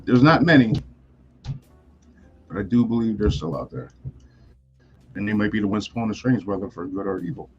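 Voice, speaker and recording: A man's voice: on the low side, lively intonation, moderate pace, long pauses, highs cut off, slight background noise. A man co-hosting a casual talk show, laid-back, telling stories with little put-on voices. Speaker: podcast co-host. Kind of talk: casual chat.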